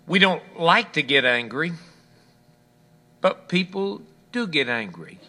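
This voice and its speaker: A man's voice: on the high side, big pitch swings, slow, pushed and bright. A male preacher delivering a sermon in front of an audience, telling jokes and stories and pressing points home with emphasis.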